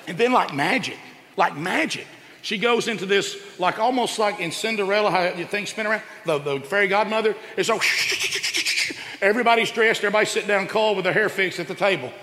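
A middle-aged man performs stand-up, telling a long story with animated energy and leaping into character voices for the people he quotes. His voice sits high and sounds bright. It rings out through a large reverberant hall, with a faint hiss underneath. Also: a little fast. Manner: animated, acts out quoted voices with big pitch jumps. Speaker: stand-up comedian.

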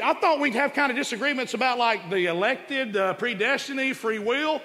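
A man preaching an impassioned sermon, emphatic and full of rhetorical questions that build to loud exclamations. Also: very high voice, fairly quick, hardly any pauses. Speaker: preacher and radio show host. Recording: echoey hall with long reverb.

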